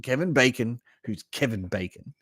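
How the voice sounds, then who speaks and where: A man's voice: mid-range voice, normal speed, no echo. Aussie guy ranting on a live stream, swears a lot, voice goes all over, dry close mic. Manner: animated, blunt and sweary, reads chat comments aloud. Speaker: livestream host reviewing horror movies. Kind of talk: casual live reaction chat.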